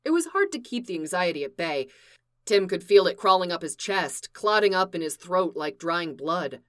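A woman reading fan fiction aloud in a slow, deliberate narration. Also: fairly low pitch, big pitch swings, a bit bright. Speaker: reader.

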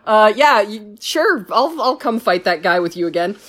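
A woman's voice: medium pitch, lively intonation, normal speed, natural voice. Woman doing a good-natured minotaur guy. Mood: agreeable.

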